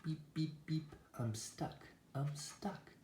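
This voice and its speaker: A man doing a squeaky, cheerful little truck. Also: slow, slight background noise. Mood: alarmed. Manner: high, excited squeaky calls. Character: small, friendly, cheerful little blue truck. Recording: echoey room.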